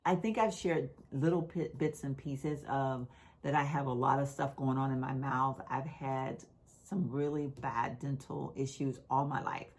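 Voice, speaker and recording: A woman's voice: very deep voice, steady tone, measured pace, darkish tone. A middle-aged woman with a slight lisp, talking candidly and unhurriedly to her vlog viewers. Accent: Texan. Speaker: vlogger. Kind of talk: casual talk to camera.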